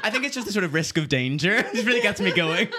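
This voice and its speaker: A man's voice: high-pitched, animated, fast talker. A man guesting on a podcast who makes cheeky jokes and laughs often. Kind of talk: casual podcast chat. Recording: loud background noise.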